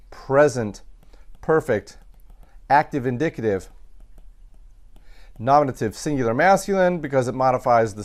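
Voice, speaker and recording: A man teaching Latin, working slowly through sentences and parsing each word aloud, with frequent pauses and fillers. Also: mid-range voice. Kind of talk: recorded grammar lesson.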